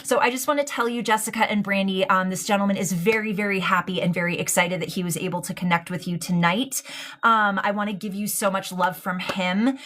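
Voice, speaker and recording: Affectionate, halting woman medium. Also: mid-range voice, steady tone, fairly bright tone, a little hiss or hum. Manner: hesitant, full of ums and likes, affectionate. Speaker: psychic medium. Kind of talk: live-streamed mediumship reading.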